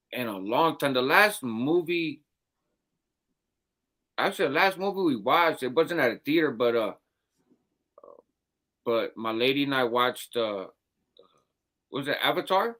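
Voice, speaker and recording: A man's voice: medium pitch, lively intonation, unhurried, long pauses, sharp tone. A man co-hosting a live podcast, talking in a loose, laid-back, rambling way and chuckling often. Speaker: podcast co-host. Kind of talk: casual live podcast chat.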